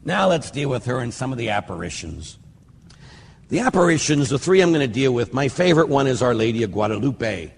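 An older man, a Catholic priest, giving a casual, rambling teaching talk that slows down whenever he recites prayers. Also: medium pitch, very animated, creaky. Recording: hall reverb with faint ambient noise.

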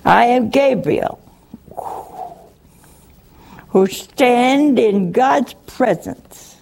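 Woman doing a stern, gravelly angel. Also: on the high side, expressive, takes it slowly, a little mellow, heavily acted. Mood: solemn. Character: stern commanding male angel.

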